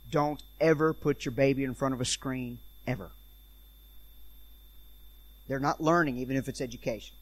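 A man preaching in a church, telling animated stories and acting out the people in them. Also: medium pitch, moderate pace, long pauses. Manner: animated storyteller, acts out quoted voices. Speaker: traveling preacher and speaker on parenting.

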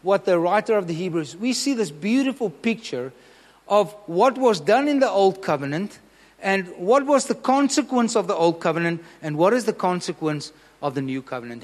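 A man's voice: high-pitched, in a large hall. A man preaching a sermon, earnest and emphatic, asking the congregation questions.

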